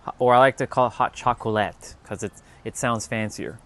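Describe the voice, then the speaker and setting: A man at a medium pitch talks easily through a casual livestream, joking with his chat and cursing without much thought. He sounds loose and conversational, reacting to viewers as he goes. A faint hum of room ambience sits underneath. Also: fairly even intonation, normal speed, fairly bright tone. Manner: laid-back, joking, swears casually, reads chat aloud. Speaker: livestream host.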